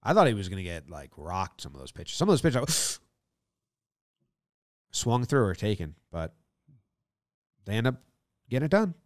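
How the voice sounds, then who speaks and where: A man co-hosting a casual baseball podcast, breaking down calls in animated detail. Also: lowish voice, normal speed, pauses often, no echo, clean studio sound. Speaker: podcast co-host. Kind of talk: casual sports chat.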